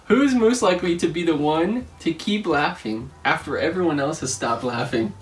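A man's voice: a little high, lively intonation, unhurried, recorded from a distance, a little hiss or hum. A young man co-hosting a couple's vlog, chatting casually and teasing through a party game, laughing often. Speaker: co-host of a couple channel.

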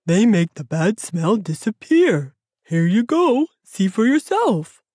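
Woman doing a gentle, kindly bear. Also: mid-range voice, slightly rough, dry recording, studio quality, heavily acted. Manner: warm, calming, slow and reassuring. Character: kind gentle male bear, friendly and reassuring.

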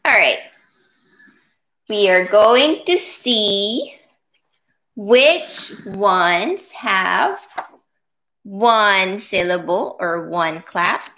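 A woman leading a preschool circle-time lesson, speaking patiently and encouragingly with drawn-out words for small children. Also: mid-range voice, lively intonation, a bit bright. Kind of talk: slow, sing-song preschool lesson.

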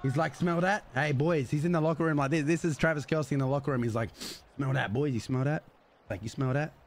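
Excitable man streaming a football game. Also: on the high side, fast, slight background noise. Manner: loud, excitable trash talk. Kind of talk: casual game commentary.

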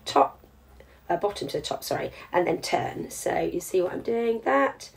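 A woman's voice: lowish voice, expressive, moderate pace, creaky. A woman, teaching a jewellery craft in a chatty live demonstration and explaining each step as she works. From England.

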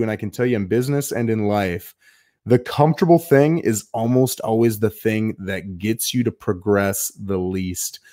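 A middle-aged man hosting a live show, casually talking viewers through his schedule in a coaching tone, often adding "man" and "right?". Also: lowish voice. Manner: lively, swings between bursts and mumbled asides. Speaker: show host. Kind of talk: live walkthrough of his planning.

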